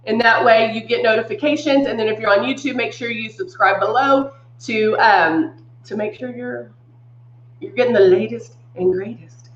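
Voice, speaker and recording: A woman's voice: a little high, moderate pace, roomy sound, muffled recording, slight background noise. A woman hosting a live makeup demonstration, chatting upbeat with viewers and greeting them by name, a little congested. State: congested from sinus trouble. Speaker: makeup brand live-stream host.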